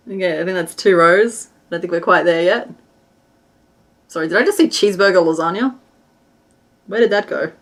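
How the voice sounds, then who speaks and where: A woman's voice: lowish voice, moderate pace, long pauses. A woman hosting a crochet livestream, chatting casually and giggling while she answers chat and counts stitches aloud.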